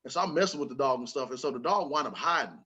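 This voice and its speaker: A man hosting a podcast, telling a childhood story in a casual, animated way with plenty of swearing. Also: mid-range voice, racing, slightly rough, highs cut off. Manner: animated, swearing, repeats words when excited. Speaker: podcast host.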